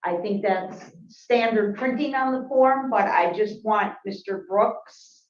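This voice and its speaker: A woman prosecutor arguing formally before a judge, measured and careful, with frequent hesitations. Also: medium pitch. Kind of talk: formal courtroom argument. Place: courtroom. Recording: roomy courtroom audio, muffled.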